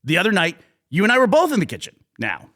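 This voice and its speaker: A man's voice: high-pitched, quick pace. A middle-aged man co-hosting a podcast, telling a rambling story in casual chat. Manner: rambling storyteller, animated retelling. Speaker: podcast co-host.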